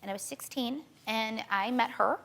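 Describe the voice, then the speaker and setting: A young woman telling an emotional personal story as a guest on a talk show. She talks in rushed runs, repeats herself and quotes other people. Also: fairly high pitch, vocal fry, a bit bright. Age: young adult.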